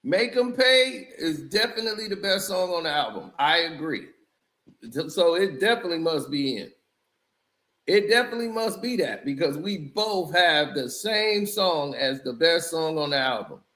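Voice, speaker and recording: A man with a high voice tears into an album in a loose, casual rant. He is blunt and scornful and laughs often, and his voice rings in an echoey room. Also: animated, normal speed, sharp tone. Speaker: album reviewer. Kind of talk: casual music review rant.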